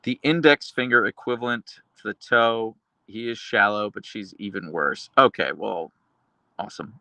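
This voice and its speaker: A man hosting a live stream, reading chat aloud and answering with dark, deadpan humor and frequent laughs. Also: fairly low pitch, moderate pace, no echo. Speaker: livestream host reading chat.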